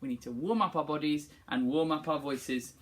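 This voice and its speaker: Leading a singing assembly for young children, a woman music teacher calls out warm-ups for them to copy, cheerful and encouraging. Her voice sits low, and she speaks at a normal speed.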